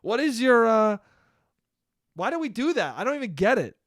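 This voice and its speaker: A man's voice: extremely high pitch, sing-song, normal speed, no echo, clean studio sound. A young man hosting a solo podcast, rambling and swearing, often cutting himself off and laughing. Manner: rambling, profane, self-interrupting, laughs often. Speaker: podcast host. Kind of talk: casual solo podcast monologue.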